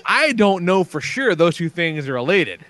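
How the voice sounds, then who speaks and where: Animated profane man telling a story. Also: sits high, moderate pace, slight background noise. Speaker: podcast host. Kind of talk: casual chat.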